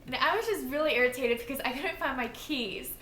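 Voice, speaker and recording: A woman with a high, bright voice tells her side of a marriage story candidly and plainly. Her voice rings in an echoey room. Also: brisk, a little hiss or hum. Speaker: wife sharing testimony. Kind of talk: casual Christian testimony.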